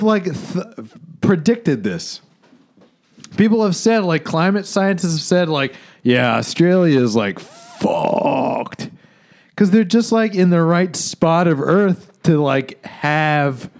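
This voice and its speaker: A man with a somewhat higher voice co-hosts a comedy podcast. He rambles and swears freely through crude jokes and riffs. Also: animated, measured pace. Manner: profane, rambling, riffs into goofy bits. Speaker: podcast co-host.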